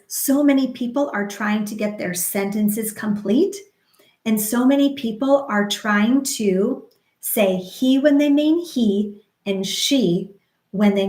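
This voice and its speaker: A woman hosting a live speech therapy class, encouraging viewers and modeling phrases slowly in rhythm. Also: mid-range voice, a little mellow, reverberant. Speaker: speech therapy livestream host.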